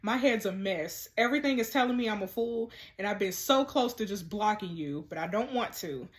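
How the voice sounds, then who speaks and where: A woman reading text messages as a young married wife who feels guilty and torn, in a soft, lower voice. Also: lively intonation, a little fast, lightly acted. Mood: confessional. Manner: read-out, soft, confessional.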